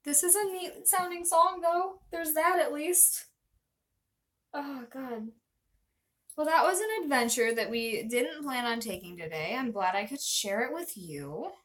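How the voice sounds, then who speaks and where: A woman's voice: high voice, animated, a little slow, a bit bright. A young woman chatting casually on a live stream, rambling and self-deprecating.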